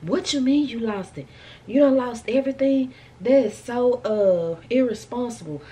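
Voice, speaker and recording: A woman voicing a loud, rude female office clerk who scolds and sounds indignant. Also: medium pitch, a little fast, slightly rough, voice pushed up, natural voice.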